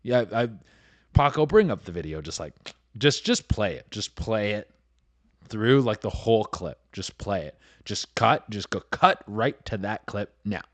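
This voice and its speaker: A man's voice: lowish voice, expressive, measured pace. A man hosting a comedy podcast, rambling through a profane, casual monologue full of restarts and fillers.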